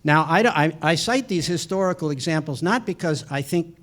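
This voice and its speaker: A man's voice: a little high, animated, moderate pace, fairly bright tone. Blunt man with a raised voice. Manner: blunt, emphatic, cites history. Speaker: panel speaker. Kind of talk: public talk.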